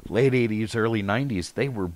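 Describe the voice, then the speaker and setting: A man's voice: on the low side, fairly quick, darkish tone, dry recording. A man in a casual podcast chat, blunt and opinionated, swearing freely.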